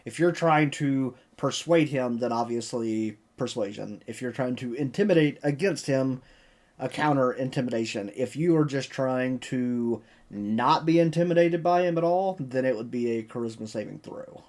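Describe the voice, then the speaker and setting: A man's voice: mid-range voice, normal speed, a little mellow. Mid-voiced man explaining rules. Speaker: player. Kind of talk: casual table chat.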